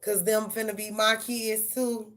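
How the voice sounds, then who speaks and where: A woman's voice: mid-range voice, level tone, a little slow, noisy background. Profane woman doing live tarot readings. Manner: blunt, profane, talks straight to viewers. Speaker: tarot reader. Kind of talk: live-stream tarot reading and casual chat.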